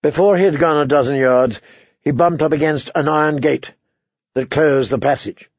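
A man narrating an audiobook in a steady, unhurried reading. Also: mid-range voice, no room sound, highs cut off.

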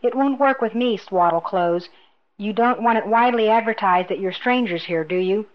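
A woman's voice: mid-range voice, moderate pace, lightly acted. A woman doing a sly, smug old woman. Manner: mocking, knowing, sly. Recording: dull lo-fi recording.

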